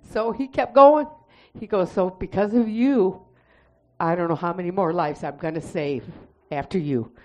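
A woman giving a testimony and spoken prayer in church, telling her story in a lively way and acting out the voices she quotes. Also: on the low side, normal speed.

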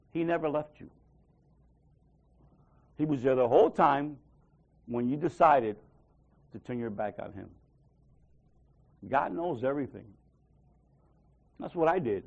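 A man preaching in a loose, conversational way, acting out back-and-forth dialogues with God. His voice sits a little high, with a gravelly fry. The recording is muffled and lo-fi. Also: darkish tone. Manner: conversational, acts out dialogues with God, asks the crowd "right?". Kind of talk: casual sermon.

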